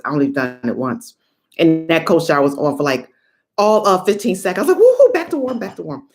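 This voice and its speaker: Animated chatty woman cheering on viewers. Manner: laughs and breaks into big high whoops. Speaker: motivational speaker. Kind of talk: motivational livestream talk.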